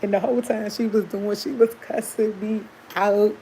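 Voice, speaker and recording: A woman's voice: mid-range voice, steady tone, normal speed, warm tone, slight background noise, poor audio. A woman hosting a livestream, chatting candidly to her viewers and laughing often as she tells a personal story. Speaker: livestream host.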